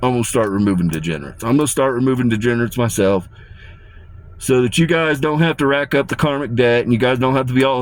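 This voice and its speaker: A man's voice: medium pitch, dry recording. A man delivering a rambling, profane and menacing rant to his viewers, often repeating himself. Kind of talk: ranting monologue to camera.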